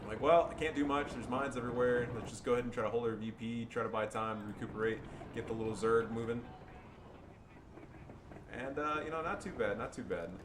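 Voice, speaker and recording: A man talks through his own match in loose, profane commentary. His voice sits at a middle pitch, and game gunfire plays clearly underneath. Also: fairly quick, background noise. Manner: profane, bursts into yelling and laughing. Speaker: gaming commentator. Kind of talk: casual gameplay commentary. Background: game gunfire and ambience.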